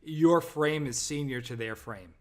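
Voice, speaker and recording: A man sharing his training experience in casual conversation, reflective and halting. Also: on the high side. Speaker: sales trainee.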